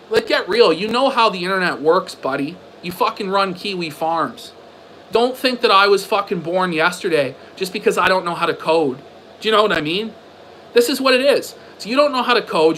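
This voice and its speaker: High-voiced man ranting, combative and profane. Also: sharp tone, a little hiss or hum, rough recording. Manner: repeats himself, rhetorical questions. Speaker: livestream commentator. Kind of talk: ranting stream commentary.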